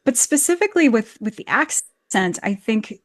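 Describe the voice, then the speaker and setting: A woman's voice: fairly high pitch, very animated, moderate pace, no room sound. American woman coach on a video call, earnest and passionate, keeps repeating words, dry sound. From United States. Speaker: guest, actor and Shakespeare coach. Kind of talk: conversational interview. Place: home room, video call.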